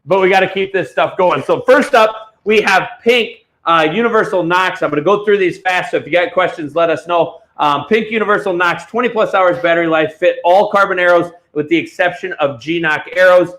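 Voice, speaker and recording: A man hosting a live online auction, telling a rambling, profane story before pitching items. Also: brisk, few pauses, a bit bright. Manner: rambling, ranting storyteller who swears freely. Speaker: livestream auction host. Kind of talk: casual livestream chat and product pitch.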